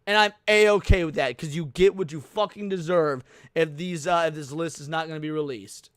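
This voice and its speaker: Male livestream host, heated sweary reaction commentary, high, clean dry voice. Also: normal speed, smooth, no room sound. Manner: profane, heated ranting.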